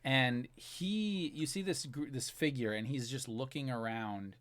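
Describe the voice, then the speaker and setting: A man's voice: medium pitch, measured pace, fairly bright tone, no room sound. A man narrating as game master of a tabletop game, rambling through descriptions with many fillers.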